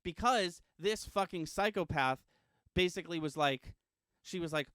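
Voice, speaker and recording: A man with a smooth, clear, slightly high voice, recorded dry and close. He co-hosts a casual podcast and tells stories in an animated way, stumbling through ums and restarts. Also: moderate pace, no echo. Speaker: podcast co-host.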